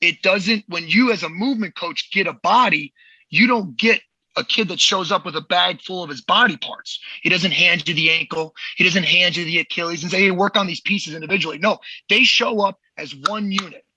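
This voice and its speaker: A man's voice: sits high, brisk, bright, forceful tone, slightly rough, dry recording, rough recording. A man hosting a podcast as a movement coach, talking in a blunt, heated and profane way. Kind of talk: casual podcast chat.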